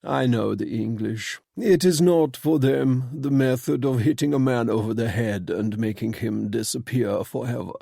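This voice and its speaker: A wry, inscrutable émigré in his sixties, as a male narrator voices him, with a slight foreign accent and a halting way of searching for words. He sounds light-hearted, and the recording is dry and close. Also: mid-range voice, creaky, dark tone, husky, no room sound. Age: 60s. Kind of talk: audiobook character reading.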